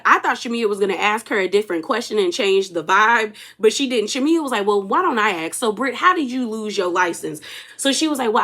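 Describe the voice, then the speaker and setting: Animated woman recapping reality TV. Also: a little high. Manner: animated, acts out cast members' lines. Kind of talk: casual chat.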